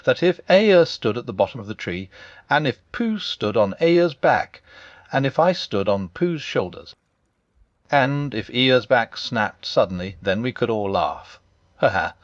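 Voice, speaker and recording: A man's voice: mid-range voice, animated, unhurried, no room sound, dull audio, close to an everyday voice. A man voicing a small, timid young male piglet who speaks earnestly and meekly. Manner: earnest, meek.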